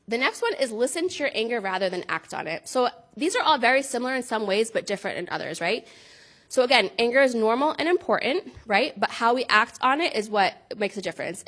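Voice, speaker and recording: A woman's voice: mid-range voice, fairly bright tone. A woman giving an informal talk to parents about handling anger, speaking conversationally and often checking in with her listeners. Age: adult with a child. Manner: conversational, frequent "right?" check-ins, laughs at herself.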